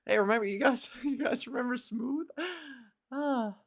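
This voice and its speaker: A woman's voice: on the high side, lively intonation, a little slow, vocal fry. A woman in a casual reaction commentary, chatty and self-mocking, swearing now and then while she reads aloud and reacts. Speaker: video creator.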